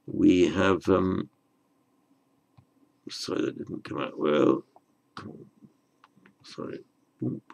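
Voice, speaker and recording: Man, unhurried, deep voice, teaching Sanskrit grammar, spells out each rule. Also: vocal fry, darkish tone, poor audio. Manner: patient, spells out words and rules. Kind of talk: slow grammar lesson.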